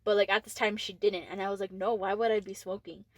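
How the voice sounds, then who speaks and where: A teenage woman co-hosting a podcast tells a candid story packed with "like" fillers and swearing. She talks fast in a mid-range voice with little pitch movement, and the recording is dry.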